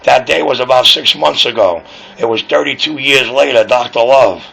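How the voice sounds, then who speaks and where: Over dull lo-fi radio audio, a man operating a radio makes casual on-air chat, rambling and bragging with plenty of swearing. His voice is medium-pitched, creaky and fairly bright, at normal speed.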